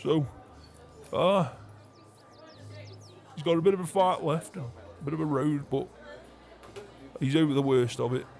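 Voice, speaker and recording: A man's voice: fairly high pitch, steady tone, a little slow, gravelly, pauses often, a little mellow, soft background music. A young man, chatting in character during a game roleplay, hearty and emphatic, swearing casually. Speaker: roleplay player.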